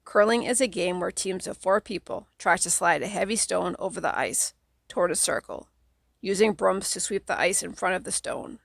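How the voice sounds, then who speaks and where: A woman narrating a children's audiobook in a steady, plain storytelling manner. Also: lowish voice, normal speed, vocal fry, no room sound, clean studio sound. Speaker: audiobook reader.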